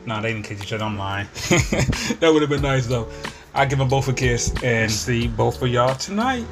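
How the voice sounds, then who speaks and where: A man's voice: mid-range voice, normal speed. Slangy man telling a comic story. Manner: slangy, animated, breaks into laughter. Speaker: storyteller vlogger. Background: video game music.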